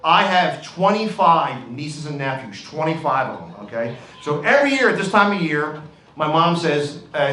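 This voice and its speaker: Brash Philadelphia stand-up comic, high voice. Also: male voice, sing-song, normal speed, pushed and bright. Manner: brash, rambling, with frequent "all right" and "okay". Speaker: stand-up comedian. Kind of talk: stand-up comedy set. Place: comedy club stage with live audience. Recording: echoey club room with crowd noise.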